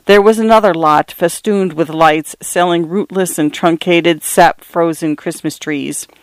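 A narrator giving a measured, expressive reading of a literary story, recorded close. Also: mid-range voice, no echo.

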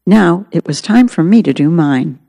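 A woman's voice: fairly low pitch, lively intonation, normal speed, gravelly, dark tone, long reverb tail. A woman narrating her own memoir as an audiobook, in an earnest, reflective way.

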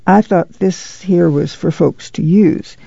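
Male reader doing a gravelly farm mother, folksy and brisk. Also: high-pitched, mellow, dry recording, highs cut off, full character voice. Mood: humble. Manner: folksy rural drawl, brisk and commanding. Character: weary determined Dust Bowl mother, middle-aged woman.

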